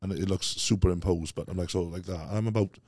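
A man's voice: sits low, fairly even intonation, fast, darkish tone, husky, dry recording, clean studio sound. A middle-aged Welsh man telling rambling stories as a podcast guest, dropping "mate" often. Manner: rambling, storytelling, peppers speech with "mate". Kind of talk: casual chat.

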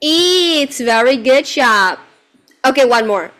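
High-voiced, slow teacher. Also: female voice, lively intonation, fairly bright tone. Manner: patient, repetitive yes-no questioning; mixes in Vietnamese phrases. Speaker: English teacher. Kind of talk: one-on-one English lesson with a child.

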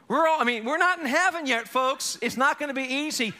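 Bright, lively preacher man. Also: very high-pitched, fairly quick, hardly any pauses. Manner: animated, joking preacher with impressions. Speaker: pastor. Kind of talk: sermon.

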